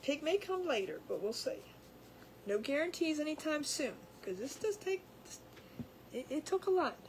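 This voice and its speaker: A woman's voice: high-pitched, very animated, moderate pace, a little hiss or hum, low-quality recording. A woman hosting a home craft livestream, chatting casually with viewers, rambling and laughing often. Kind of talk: casual chat with live viewers.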